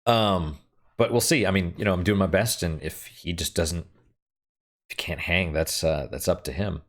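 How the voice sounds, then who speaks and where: A man's voice: sits low, normal speed. A young man chatting casually and frankly while playing a game, rambling and swearing now and then. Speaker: gaming streamer.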